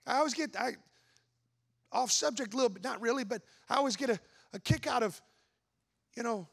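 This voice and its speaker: Male pastor, very high pitch, animated sermon storytelling with rhetorical questions. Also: moderate pace, vocal fry, long pauses. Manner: animated storytelling with voiced asides.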